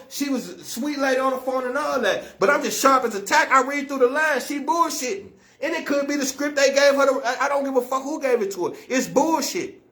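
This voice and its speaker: A man with a very high-pitched, fairly bright voice gives an impassioned monologue to camera as an activist speaker, blunt, profane and scolding.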